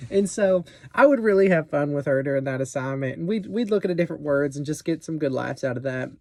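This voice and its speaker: A young man talks through his lesson plan in a casual, rambling way, pausing on fillers and restarting sentences. His voice sits a little high but sounds mellow. The recording is dry and close. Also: lively intonation, dry recording. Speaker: student presenting a teaching plan. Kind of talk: recorded class presentation.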